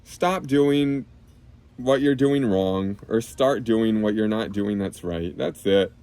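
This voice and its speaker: Gentle man reading to children. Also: on the low side, slow. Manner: gentle, explains terms simply for kids. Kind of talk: reading a children's book aloud with commentary. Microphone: clip-on lapel mic.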